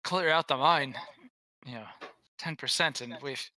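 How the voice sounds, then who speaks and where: A man voicing a gruff male dwarf miner in a halting, attempted Scottish accent. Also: medium pitch, no echo, poor audio. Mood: earnest. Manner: loud, halting, fumbled put-on brogue.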